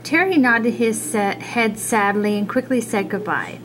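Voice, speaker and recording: A woman reading a children's picture book aloud, expressive and adding little asides about the pictures. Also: fairly high pitch, a little slow, few pauses, crowd noise, rough recording. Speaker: storybook reader.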